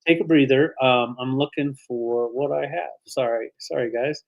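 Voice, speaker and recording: Gravelly and mid-pitched, with the highs cut off, this man talks at an ordinary speed while co-hosting a livestreamed vintage auction. He's emotional and chatty, wandering with fillers as he displays pieces and thanks the audience.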